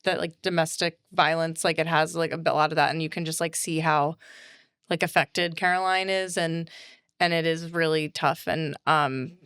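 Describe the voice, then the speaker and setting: Lower-voiced woman co-host, smooth and hesitant. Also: steady tone, normal speed, fairly bright tone, no room sound, studio quality. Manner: hesitant, many fillers and restarts. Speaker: podcast co-host. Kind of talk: casual chat.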